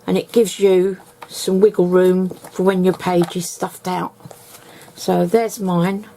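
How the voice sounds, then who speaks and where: A woman's voice: on the low side, level tone, takes it slowly, warm tone, slight background noise. A woman giving a casual, rambling craft tutorial, explaining step by step at home.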